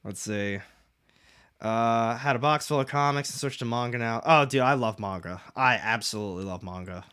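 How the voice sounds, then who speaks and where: A man's voice: medium pitch, normal speed, a bit bright, smooth. A young man hosting a casual comics livestream, rambling, reading chat aloud and swearing casually from his room at home.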